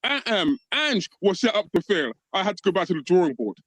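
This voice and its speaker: Emphatic man with a lively voice. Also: high voice, fairly quick, no room sound, rough recording. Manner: emphatic, keeps calling others brother. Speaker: panelist. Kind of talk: livestream fan chat.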